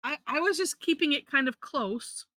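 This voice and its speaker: A woman's voice: high voice, animated, moderate pace, bright, forceful tone, no room sound. A woman leading a live drawing lesson, chatty, correcting herself and laughing often. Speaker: drawing instructor.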